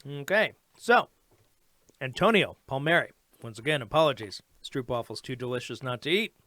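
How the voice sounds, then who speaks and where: A man co-hosting a casual livestream Q&A, answering viewer questions in an easygoing, animated way. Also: mid-range voice, normal speed, no room sound. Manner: animated, easygoing, laughs often.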